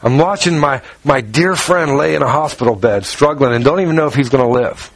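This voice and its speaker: A man's voice: medium pitch, a little fast, dry recording, low-quality recording. A man preaching a sermon in a conversational way, often repeating words as he tells stories.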